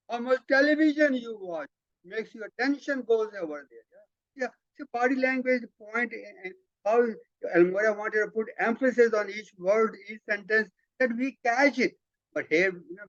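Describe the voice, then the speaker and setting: A man leading a spiritual study session, explaining emphatically with repeated words and halting restarts. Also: a little high, dry recording. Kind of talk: explanatory talk, reading out and commenting. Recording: dull lo-fi, dry sound.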